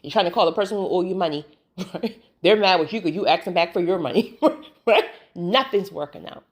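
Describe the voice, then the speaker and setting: A woman preaching about spiritual healing in a lively, swooping voice. Her talk is casual and emphatic, and she leans on repeated phrases to drive each point home. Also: on the low side, brisk.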